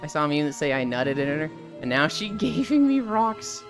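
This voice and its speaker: Animated young woman streamer. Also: sits low, moderate pace, over music. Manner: chatty, animated, acts out game characters' lines. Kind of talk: casual live-stream chat.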